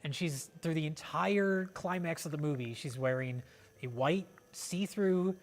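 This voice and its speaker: A man's voice: fairly high pitch, measured pace. A man hosting a casual film review podcast, rambling and enthusiastic with many fillers. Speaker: podcast host.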